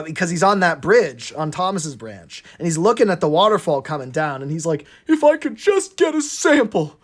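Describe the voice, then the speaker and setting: A podcast co-host telling a comedic story in casual chat, giggling and rambling with lots of fillers. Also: mid-range voice.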